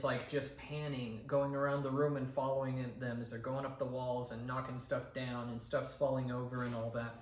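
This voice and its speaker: Man reviewing a movie in an echoey room. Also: mid-range voice. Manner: rambling, many ums and restarts. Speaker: podcast co-host. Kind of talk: casual movie review chat. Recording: echoey room with faint hiss.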